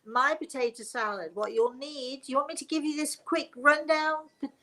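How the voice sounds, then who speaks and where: A woman's voice: high voice, fairly even intonation, normal speed, sharp tone, rough recording. Older woman chatting on a live stream. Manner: chatty and rambling, laughing often. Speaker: host, spiritual medium and author. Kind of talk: casual live-stream chat.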